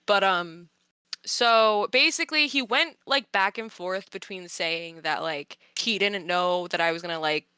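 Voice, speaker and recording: A young woman host retelling a personal story in casual podcast chat, animated and exasperated, laughing often. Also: lowish voice, unhurried, clean tone, dry recording.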